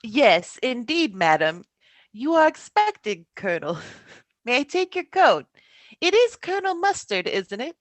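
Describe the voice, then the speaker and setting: A woman's voice: a little high, very animated, measured pace, no echo. A woman reading the part of a proper male English butler in a casual video-call table read, polite and formal. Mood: courteous. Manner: polite, formal delivery breaking into giggles.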